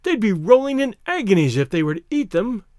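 A man reading a story aloud, voicing a lively young society woman who teases with a bright, airy manner. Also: high voice, a little fast, no room sound, studio quality, pitched above the performer's own voice. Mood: teasing. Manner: bright, airy, playfully teasing.

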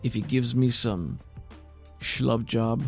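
A terse, guarded schemer in a tabletop game, voiced by a man at a middling pitch with a gravelly rasp. He is curt and matter-of-fact, with faint music underneath. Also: steady tone, slow. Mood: blunt. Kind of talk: voicing a character in a tabletop game.

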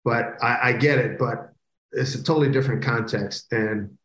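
A middle-aged male baseball broadcaster from the Philadelphia area, telling stories in a casual interview and breaking into loud catchphrases. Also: mid-range voice, moderate pace. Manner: animated storyteller who bursts into loud catchphrases. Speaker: baseball play-by-play broadcaster, guest. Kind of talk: casual podcast interview storytelling. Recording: roomy echo.

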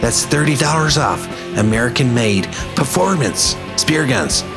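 A man's voice: mid-range voice, lively intonation, a little slow. Man reading an ad in a silly put-on accent, guitar music behind. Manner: self-mocking put-on accent. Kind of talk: read advertisement.

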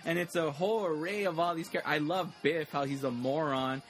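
A man in a casual movie chat, talking fast with lots of fillers and acting out lines from scenes. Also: a little high, steady tone.

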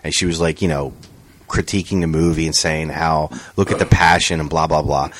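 On a podcast, a young male co-host with a very deep voice and a brisk delivery swaps casual conversation. He tells an amusing story with lots of animation, voicing other people's lines and cursing without restraint.

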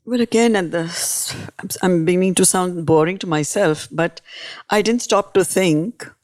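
A woman's voice: fairly low pitch, moderate pace, no room sound, studio quality. An older woman novelist from India speaking in a forthright, emphatic way during an interview. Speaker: novelist guest. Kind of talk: interview conversation.

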